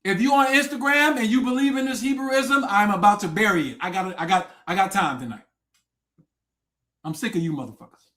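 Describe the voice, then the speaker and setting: A high-voiced man hosts a livestream from a desk mic. He rants in a loud, profane and taunting way, jumping from shouts to low mutters and daring viewers to come on and debate him. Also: a little fast. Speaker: livestream host. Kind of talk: confrontational livestream rant.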